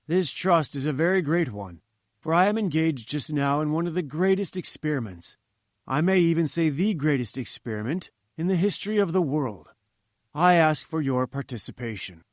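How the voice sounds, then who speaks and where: A pompous old professor lectures in a slightly raised, self-satisfied voice, as a male reader puts him on. Every phrase is condescending, explaining grand theories to someone he thinks is slow. The recording is close and dry. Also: on the high side, animated, no echo, lightly acted. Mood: lecturing. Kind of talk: audiobook reading.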